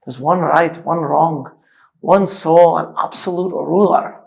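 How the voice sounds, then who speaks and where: A man's voice: on the high side, fairly even intonation, slow pace, gravelly. A man putting on a Scottish accent to voice a stern older Scottish father who speaks with preacherly gravity. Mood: solemn.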